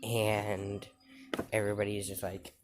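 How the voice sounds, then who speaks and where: A man's voice: fairly low pitch, monotone, unhurried, noisy background. A man telling an improvised fan-fiction story, rambling with many fillers and self-corrections.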